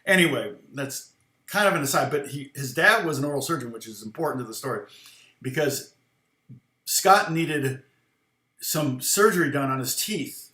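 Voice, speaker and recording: A man's voice: medium pitch, lively intonation, moderate pace, bright, forceful tone. A middle-aged man, a guitar teacher on a live stream, telling a story casually and rambling with many fillers and restarts. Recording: roomy echo.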